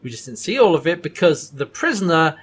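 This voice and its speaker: A man's voice: fairly high pitch, very animated, a little fast, husky. A man in casual chat recapping a TV episode, laughing often and acting out the characters' lines.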